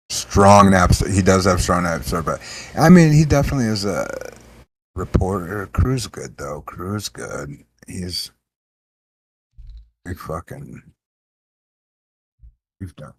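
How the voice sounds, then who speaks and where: Deep-voiced profane man ranting on stream. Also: slightly rough. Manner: profane, rambling, animated rants. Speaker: show host. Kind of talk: casual livestream chat.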